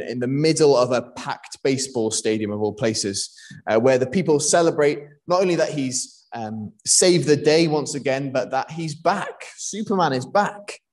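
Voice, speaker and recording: A man's voice: mid-range voice, unhurried, darkish tone. A young man from Wales preaching a sermon in a conversational way, with frequent fillers and restarts.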